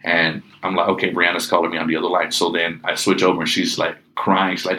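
A man's voice: deep voice, brisk, hardly any pauses, a little hiss or hum. A middle-aged man casually telling a personal ghost story, acting out what people said. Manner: animated, acts out quoted speech.

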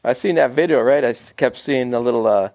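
A man's voice: medium pitch, a little fast, darkish tone, no room sound. A man talking as a podcast guest, friendly and easygoing in casual chat.

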